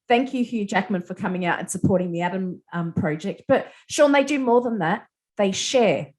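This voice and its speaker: A woman hosting an entertainment interview, effusive and quick to laugh. Her voice sits at an average pitch. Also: expressive, a little mellow.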